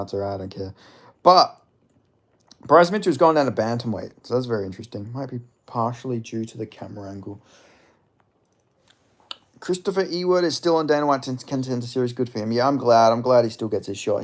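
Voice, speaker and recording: A man's voice: mid-range voice, animated, a little fast. A man hosting a casual livestream, rambling about fights, reading chat aloud and jokingly apologizing. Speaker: livestream host.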